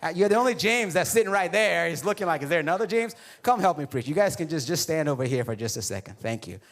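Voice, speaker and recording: Man, high-pitched, casual joking sermon to a congregation. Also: expressive, fast talker. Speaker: pastor. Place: church hall before a congregation.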